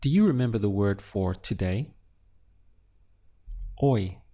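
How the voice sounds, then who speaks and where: A man teaching a language lesson, speaking calmly and patiently and pausing often so the listener can answer. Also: lowish voice. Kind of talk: slow, deliberate language lesson.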